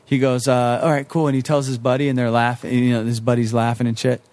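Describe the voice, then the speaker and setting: Fast-talking man telling a rowdy story. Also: medium pitch, completely flat delivery, a little mellow. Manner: swears constantly, acts out other people's lines. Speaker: stand-up comedian guest. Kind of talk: casual storytelling chat.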